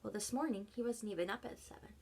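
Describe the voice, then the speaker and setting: A woman vlogger with a slightly high voice tells her own story without a script. Her delivery is halting and emotional, and between pauses she often drops into a soft, breathy tone.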